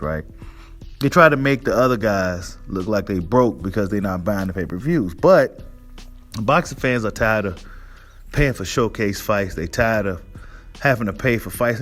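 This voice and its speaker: A man's voice: on the low side, moderate pace, soft background music. A man hosting a boxing monologue, ranting in a heated, profane way and asking his audience "right?" again and again. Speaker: boxing commentary host. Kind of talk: casual rant monologue.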